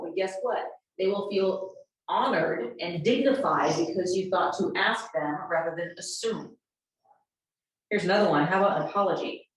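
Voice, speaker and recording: A woman's voice: mid-range voice, moderate pace. A woman presenting a teaching workshop for educators, speaking directly and acting out sample conversations with students. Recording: very echoey room, voice distant from mic.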